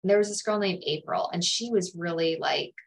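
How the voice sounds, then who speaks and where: A woman's voice: fairly low pitch, fairly quick, vocal fry, rough recording. A woman career coach giving a webinar talk on self-talk, earnest, sometimes acting out anxious inner voices. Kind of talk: webinar presentation.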